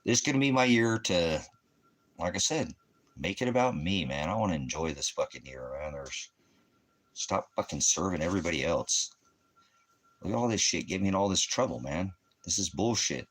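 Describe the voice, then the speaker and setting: Deep-voiced profane man in his fifties ranting. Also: animated, normal speed, fairly bright tone, breathy edge. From United States. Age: 50s. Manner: profane, ranting, loose and rambling. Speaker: channel host. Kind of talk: casual rambling monologue. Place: at home.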